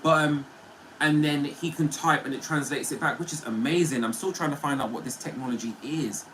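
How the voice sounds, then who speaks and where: A man's voice: on the high side, a little fast, a bit bright, slight background noise, low-quality recording. A man hosting a casual livestream, chatting playfully with viewers and reading their comments. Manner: chatty and playful, often laughing. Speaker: livestream host.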